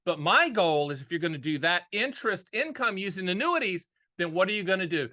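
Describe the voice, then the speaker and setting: A middle-aged man who hosts a casual, straight-talking show about annuities, talking in an energetic, folksy way and repeating his key phrases. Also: high-pitched, fairly quick. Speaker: annuity agent and show host. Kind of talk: casual straight-talk explainer.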